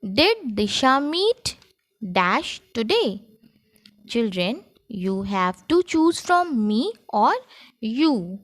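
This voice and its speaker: A woman teacher with an Indian English accent, talking children through a grammar lesson in a slow classroom manner. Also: on the high side, big pitch swings, no echo, studio quality. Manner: slow, sing-song classroom delivery. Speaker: school teacher.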